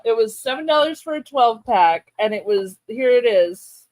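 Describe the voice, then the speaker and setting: A man's voice: very high voice, expressive, normal speed, poor audio. A man joking and teasing the others as a guest on a casual beer live stream. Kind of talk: casual chat.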